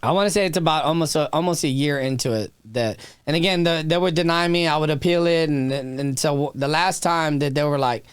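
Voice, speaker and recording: Smooth-voiced man telling a raw story. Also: on the high side, fairly even intonation, fairly quick, few pauses, no room sound, clean studio sound. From Texas. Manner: raw and emotional, swears freely, frequent restarts. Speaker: podcast guest, comedian. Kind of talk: candid storytelling interview.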